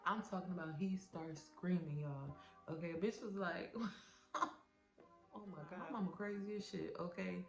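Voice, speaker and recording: A woman vlogger telling a storytime in a casual, animated, profane way, talking straight to her viewers. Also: fairly low pitch, normal speed, creaky, reverberant, faint music behind.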